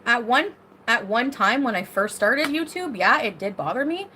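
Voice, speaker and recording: A woman with a fairly high voice rants in a clip from a vlog, defiant and mocking, and swears freely. Faint noise sits under her voice. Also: lively intonation, normal speed, pushed and bright. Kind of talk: casual vlog rant.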